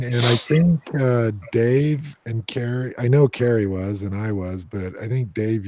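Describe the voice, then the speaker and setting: An American man, a paranormal investigator and host, leads a casual paranormal discussion on a video call, playfully joking with and teasing his co-hosts in easy group banter. His voice is lowish and mellow, and the recording is dry.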